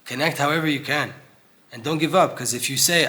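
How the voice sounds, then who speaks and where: A man's voice: medium pitch, fast, pushed and bright. A young man teaching an informal Torah class in an old synagogue, earnest and conversational, acting out voices when he quotes people.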